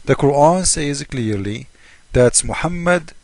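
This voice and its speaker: High-voiced man with broken English. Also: lively intonation, measured pace, no room sound. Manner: emphatic, mocking, broken English grammar. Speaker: video commentator. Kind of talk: casual polemic monologue.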